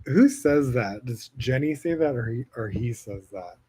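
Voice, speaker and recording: A man from the United States talks through a personal story on his own podcast, drifting between tangents. He gushes, swears freely, laughs often, and his voice sits at an ordinary middle pitch. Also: lively intonation, normal speed, slightly rough. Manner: gushing, rambling, many fillers and swearing; frequent laughter, swings loud and soft. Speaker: podcast host. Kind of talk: casual personal storytelling monologue.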